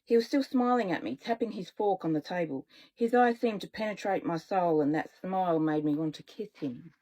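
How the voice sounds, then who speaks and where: A woman's voice: fairly low pitch, normal speed, dark tone. Woman reading her own romance novel. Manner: chatty, with self-corrections and asides to listeners. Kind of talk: first-person romance reading.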